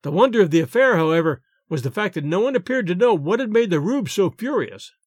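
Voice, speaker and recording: A man narrating a short story audiobook in an expressive, animated way. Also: sits high, fast talker, no echo, clean studio sound.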